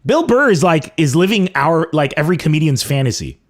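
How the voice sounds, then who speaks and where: A man's voice: fairly high pitch, sing-song, a little fast. A man hosting a podcast, asking questions in a joking, upbeat way. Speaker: podcast host. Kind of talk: casual podcast interview.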